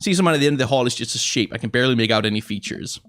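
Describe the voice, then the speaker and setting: A man's voice: mid-range voice, lively intonation, racing, fairly bright tone. A man with a stuffy nose giving wry, casual commentary while playing a game. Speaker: let's play gamer.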